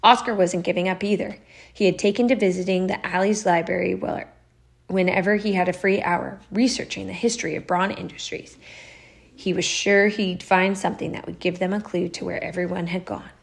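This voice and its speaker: A woman narrating a storybook aloud in a measured, expressive way. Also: fairly low pitch, creaky.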